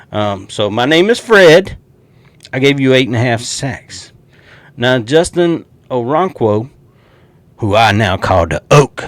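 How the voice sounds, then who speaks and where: A man with a Southern accent, hosting a casual football prediction show and talking to viewers in an animated, joking way. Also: mid-range voice, dry recording. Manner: animated, jokey, talks straight to viewers. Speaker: sports show host. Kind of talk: casual sports prediction talk.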